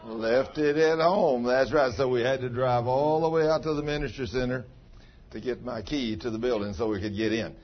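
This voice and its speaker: A man's voice: medium pitch, steady tone, moderate pace. A man pastor telling stories in a folksy, homespun sermon, with plain country grammar. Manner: folksy, ungrammatical country speech. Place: church. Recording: dull lo-fi sound.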